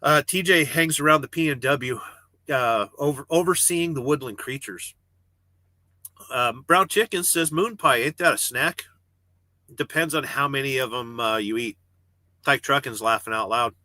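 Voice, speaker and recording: A man's voice: medium pitch, moderate pace, sharp tone, no room sound. A man who drives a truck hosts a casual livestream from his parked cab, reading viewer comments aloud, rambling, joking and swearing freely. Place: parked truck cab with refrigerated trailer running.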